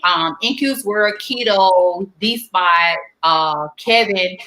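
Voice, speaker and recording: A woman hosting a live stream, chatting casually and greeting viewers, animated and silly, getting loud when excited. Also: mid-range voice, slow pace, reverberant, rough recording.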